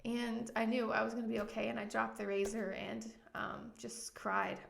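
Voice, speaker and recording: A woman pastor appearing as a podcast guest shares a candid personal testimony, earnest and emotional, in a gravelly, creaky voice with fairly flat pitch and frequent ums and likes. She speaks at a moderate pace, and the echoey room carries slight background noise.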